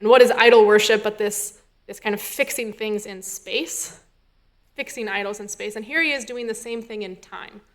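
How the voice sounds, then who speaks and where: This rabbinic intern speaks in a mid-range voice at a moderate pace. Delivering her sermon in the synagogue sanctuary, she muses casually and gives voice to the lines she quotes.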